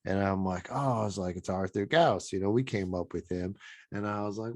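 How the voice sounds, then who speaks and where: Low-voiced comedian telling stories. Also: male voice, a little fast, dry recording, studio quality. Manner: animated storyteller who acts out quoted voices. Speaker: podcast co-host and stand-up comedian. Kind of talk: casual podcast chat and storytelling.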